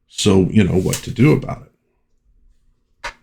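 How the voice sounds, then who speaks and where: A man's voice: deep voice, lively intonation, unhurried, vocal fry, darkish tone, slight background noise. An American man reviewing vintage comics in a chatty, rambling way, full of asides and restarts. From United States. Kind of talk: casual commentary.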